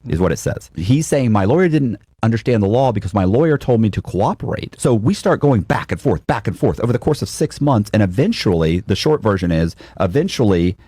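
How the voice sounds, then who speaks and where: A man telling a story in a casual chat, animated and swearing, acting out the voices of others. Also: lowish voice, brisk, few pauses, breathy edge, no room sound, studio quality. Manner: animated, acts out quotes, swears. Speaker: guest telling his story.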